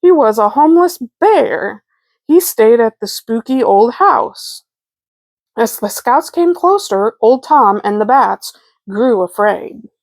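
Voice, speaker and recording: Brief: woman reading a picture book aloud, unhurried, bright higher voice, dry close mic. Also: dry recording. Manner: slow, clear, expressive. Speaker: children's book reader. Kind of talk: storybook read-aloud.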